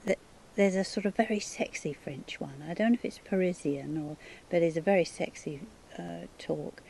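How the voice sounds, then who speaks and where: A woman's voice: fairly low pitch, moderate pace, creaky, a little mellow, slight background noise, rough recording. A woman with an English accent chatting casually about accents and greetings, laughing often and restarting her sentences. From England. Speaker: English conversation partner. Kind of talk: casual chat.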